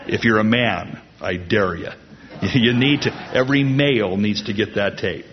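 A pastor preaching a conversational Bible-teaching sermon to a congregation, emphatic and folksy, rising higher and louder when he reads scripture aloud. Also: dull audio. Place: church before a congregation.

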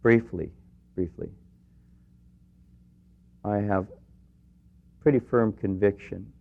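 A man with a fairly low voice preaches a sermon in an earnest, personal way. He rises to emphatic questions, then sinks to quiet, intimate remarks. The recording is dull and lo-fi. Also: vocal fry. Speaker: pastor.

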